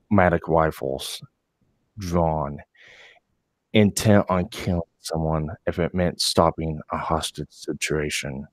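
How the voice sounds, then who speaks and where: Man doing a very deep, slow, deadpan sultry reader voice, dry close sound. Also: no room sound. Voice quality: low, slow, deadpan delivery. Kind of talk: reading an article aloud in a put-on voice.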